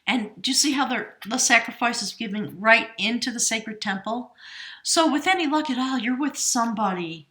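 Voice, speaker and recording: A woman's voice: fairly high pitch, animated, normal speed, sharp tone, reverberant. A woman giving a tarot reading, emotional and effusive, dropping into whispered exclamations. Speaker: tarot reader.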